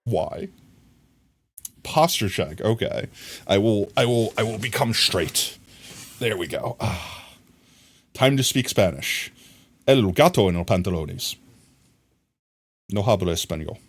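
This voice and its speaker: A man's voice: lowish voice, lively intonation, a little slow, long pauses, a bit bright. A young man streaming live, chatting casually and jokily, muttering to himself as he plays and teasing his chat. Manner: rambling, jokey, mutters to himself while crafting; teases and scolds chat playfully. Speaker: livestreamer.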